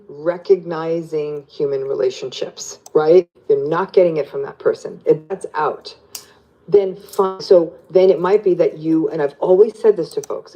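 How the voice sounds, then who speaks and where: A woman psychologist explains her ideas to an interviewer in a low, mellow voice. She is animated and plays out the lines people say to her. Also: lo-fi sound. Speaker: psychologist guest.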